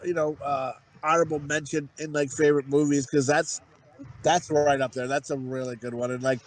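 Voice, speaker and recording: Podcast co-host, forties, male; high voice, swears freely, rambles through stories. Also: flat delivery, a little fast, rough recording. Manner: profane rambling storyteller. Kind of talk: casual podcast banter.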